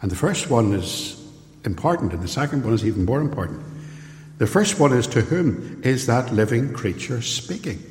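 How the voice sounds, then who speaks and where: A man preaching a sermon in an earnest, emphatic way, rising higher on his key points. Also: sing-song, normal speed, darkish tone, slight background noise. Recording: echoey hall with long reverb.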